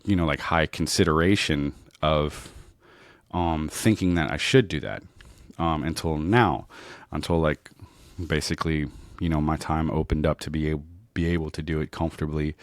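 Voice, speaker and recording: Low-voiced man in his thirties rambling. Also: no room sound. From New Orleans. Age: 30s. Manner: rambling, many fillers and restarts. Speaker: podcast host. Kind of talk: casual storytelling monologue.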